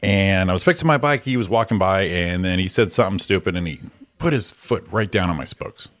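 A middle-aged man co-hosting a morning show, telling stories in casual chat and shouting out the voices of people in them. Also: low voice, fairly quick. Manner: animated storyteller, shouts out quoted voices.

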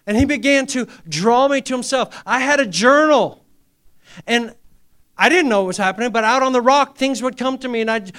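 A middle-aged male pastor preaching a testimony sermon, dropping to near-whispers and rising to loud, emphatic lines, acting out quoted dialogue. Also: extremely high pitch, clean tone. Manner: acts out quoted dialogue in a raised voice.

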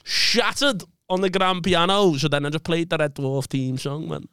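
A man with a Liverpool accent tells stories in an animated, sweary way in casual podcast chat. His voice sits high and sounds bright and smooth, and the recording is close and dry. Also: normal speed, no room sound. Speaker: stand-up comedian, podcast host.

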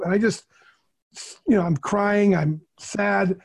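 A man's voice: high voice, steady tone, takes it slowly, gravelly, slightly rough. A middle-aged man, a podcast co-host, telling a heartfelt personal story in an earnest way and often repeating words. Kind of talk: candid storytelling.

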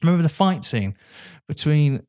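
A man in casual film chat, excitable and sweary, laughing often. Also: on the high side, fairly quick.

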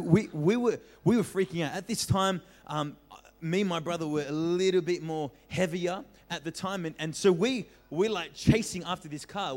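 Animated young male pastor in a hall. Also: high voice. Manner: animated storyteller, acts out voices, laughs often. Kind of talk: storytelling sermon. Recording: reverberant hall.

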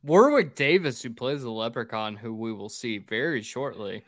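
A man's voice: mid-range voice, expressive, moderate pace, fairly bright tone, no room sound, clean studio sound. A man hosting a casual drinking podcast, recapping a film plot in a profane, rambling way.

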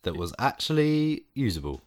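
Lively man reviewing films. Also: mid-range voice, moderate pace. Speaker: podcast co-host. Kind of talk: casual film review chat.

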